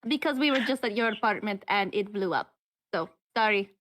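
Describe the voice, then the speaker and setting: A woman's voice: medium pitch, expressive, brisk, a bit bright. A woman playing a tabletop game, blunt and swearing, with frequent laughs. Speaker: player. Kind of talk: casual game chat.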